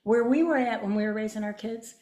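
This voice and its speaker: A woman's voice: a little high, a little fast, reverberant. An older woman, a guest specialist, telling personal stories in casual conversation and acting out the voices of people she quotes. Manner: animated, acts out quoted voices. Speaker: guest, child mental health specialist.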